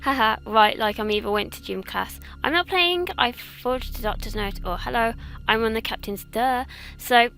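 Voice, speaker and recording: Bright chatty young English woman. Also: a little high, normal speed. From England. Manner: chatty, rambling, self-mocking. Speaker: YouTuber. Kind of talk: casual quiz commentary.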